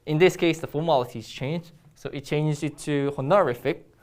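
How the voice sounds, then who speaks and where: A woman's voice: sits low, fairly quick, darkish tone. A woman with a Korean accent teaching a Korean grammar lesson in English, explaining step by step with frequent ums and restarts.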